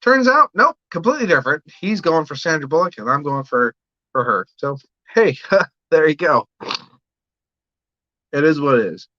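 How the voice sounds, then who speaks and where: A man's voice: on the high side, expressive, moderate pace, pauses often, bright, forceful tone, no echo, lo-fi sound. A man hosting a casual livestream, rambling and swearing freely while he chats about his brewing plans and answers viewer comments. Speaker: livestream host, home brewer.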